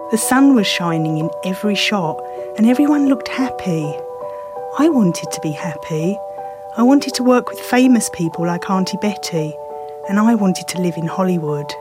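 A middle-aged woman from London with a Cockney accent, telling a first-person story in a wry, self-mocking way. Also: on the low side. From London, England.

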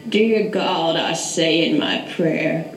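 A woman performing a monologue as a fervent Southern churchgoing woman, in a sing-songy falsetto with a Southern accent. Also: slow pace, roomy sound, poor audio. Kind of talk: acted competition monologue.

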